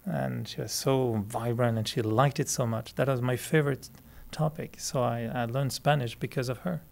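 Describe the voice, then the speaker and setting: With a gravelly, mid-range voice and a moderate pace, a man gives a laid-back, talkative meditation lesson to a group. He has a French Canadian accent, speaks French natively, and often laughs and restarts what he's saying.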